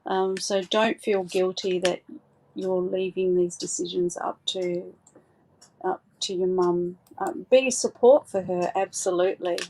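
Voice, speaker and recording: A woman giving a live psychic reading, gentle and reassuring, with frequent hesitant fillers and restarts. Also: lowish voice, fairly even intonation, measured pace, slight background noise.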